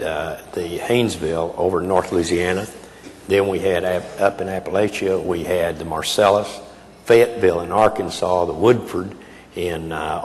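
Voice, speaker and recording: A man in his eighties delivers a keynote speech in a low-pitched, darkish voice. His manner is folksy and emphatic, with frequent hesitations, and the hall is reverberant with faint noise.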